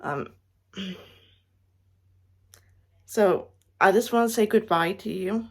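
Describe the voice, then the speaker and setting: A young woman giving an emotional farewell message, close to tears, sighing and restarting her sentences often. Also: mid-range voice. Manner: halting, tearful, many restarts and sighs. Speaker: fan vlogger.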